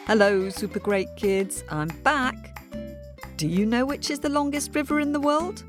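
A woman's voice: sits high, moderate pace. A woman hosting a children's story podcast, chatty and playful, quizzing her listeners. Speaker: podcast host. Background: background music.

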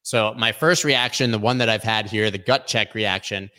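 A man's voice: on the low side, moderate pace, bright, forceful tone. A man hosting a weekly crypto news show, talking casually with many fillers and opinionated asides. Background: construction noise.

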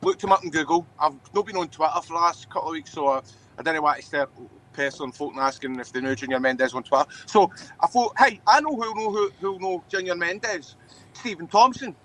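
A man's voice: fairly high pitch, a little fast, a bit bright, low-quality recording. A Scottish man on a video call, telling a story casually in a rambling, hesitant way with some swearing. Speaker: podcast regular on a video call.

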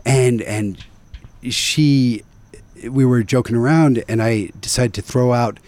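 A man's voice: mid-range voice, slow pace, darkish tone, dry recording. A man in his forties, a podcast guest in casual chat, hesitant and searching for words. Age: 40s.

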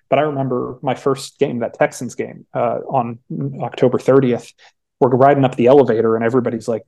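A man's voice: medium pitch, fairly even intonation, a little fast, creaky, warm tone. A young adult man, a podcast guest, telling stories in casual chat with lots of restarts and acted-out quotes. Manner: chatty storyteller, frequent restarts and acted-out quotes. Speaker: podcast guest, sports beat writer.

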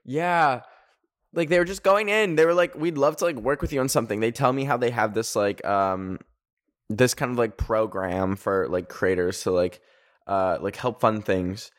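A man's voice: mid-range voice, normal speed. A young man hosting a solo podcast, with a whiny, nasal voice, rambling through a story full of fillers and swearing. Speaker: podcast host.

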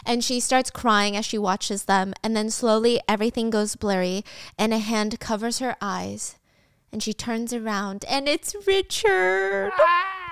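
Young woman, casual drama recap, slangy asides, laughs a lot, fairly high voice, smooth and clear, dry close mic. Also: fairly bright tone, no room sound.

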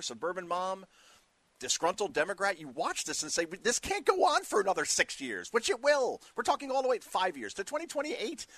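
Sarcastic male radio host, bright tone, dry close mic. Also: on the high side, no echo. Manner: sarcastic, animated, riffing. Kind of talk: talk radio monologue and call-in.

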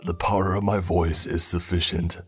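A man's voice: low voice, flat delivery, moderate pace, slightly rough, faint music behind. A man voicing an unseen male cult prophet who speaks coldly and harshly, with a garbled, distorted sound. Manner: cold and harsh, mocking. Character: cold disembodied male cult prophet, cruel, commanding.

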